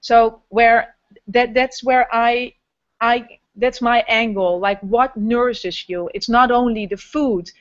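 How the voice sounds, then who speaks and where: A Dutch woman with a Dutch accent, a guest health coach on a video call, speaking in a measured, thoughtful way. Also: a little high, steady tone, dry recording. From Netherlands. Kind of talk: casual interview on a video call. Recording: dry, dull lo-fi video call audio.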